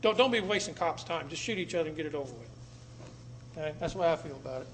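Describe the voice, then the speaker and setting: An American man lecturing a live audience in a blunt, dramatic way, with sudden loud bursts. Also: on the high side, lively intonation, fast talker. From United States. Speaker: public speaker. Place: meeting room with an audience. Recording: echoey room, faint background noise.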